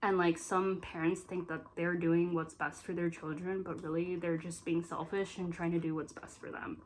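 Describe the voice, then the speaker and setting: A woman's voice: fairly low pitch, flat delivery, normal speed, a little hiss or hum, low-quality recording. A young adult woman giving a casual spoken film review, emotional and gushing, with lots of "like" fillers. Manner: emotional and gushing, with heavy use of "like".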